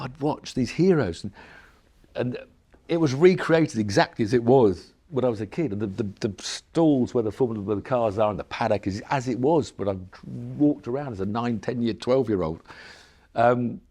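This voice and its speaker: An older man, a racing driver, telling stories in an animated, emotional way with many restarts during a live on-stage interview. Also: mid-range voice, normal speed. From England. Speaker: guest, racing driver and former TV presenter. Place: museum lecture theatre, live audience.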